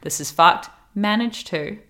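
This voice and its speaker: A woman's voice: medium pitch, measured pace, a bit bright. A young woman in casual chat, telling a story animatedly and acting out the quotes.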